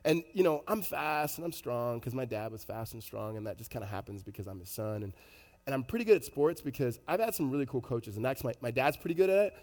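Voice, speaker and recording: A man preaching a sermon in a conversational storytelling way, animated, with many fillers and restarts. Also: medium pitch, big-room sound. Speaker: pastor.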